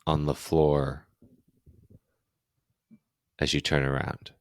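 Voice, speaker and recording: A man narrating a tabletop horror game as game master, in slow, measured speech and with questions to the player. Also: very deep voice, little pitch movement, creaky, no room sound.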